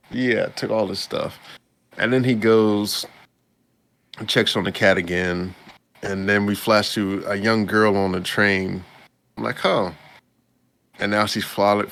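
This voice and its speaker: A man's voice: lowish voice, vocal fry, a bit bright. A man hosting a podcast, recapping an anime episode in a rambling, chuckling way. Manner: rambling, with many restarts and chuckles. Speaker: podcast host. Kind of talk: casual anime recap chat.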